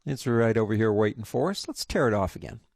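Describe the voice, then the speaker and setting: A man teaching a software lesson, chatty and guiding step by step with joking asides. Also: fairly low pitch, animated, fast, vocal fry, no room sound, studio quality. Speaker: software instructor. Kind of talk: screen-recorded tutorial.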